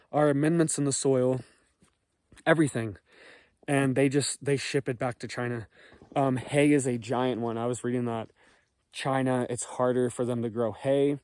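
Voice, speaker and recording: Hoarse man, dry close mic. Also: medium pitch, a little mellow, dry recording. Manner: rambling, emphatic, frequent "okay?" and "all right?" check-ins. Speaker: commentary channel host. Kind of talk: casual spoken commentary to viewers.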